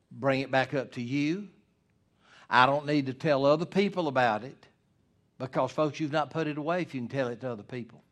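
A middle-aged man, preaching a sermon as pastor, swinging from loud emphasis to hushed asides. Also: medium pitch.

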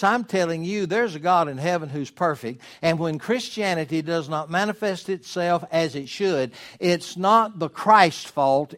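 A male pastor, preaching a sermon emphatically, with rhetorical questions and slowed words for stress. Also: fairly high pitch.

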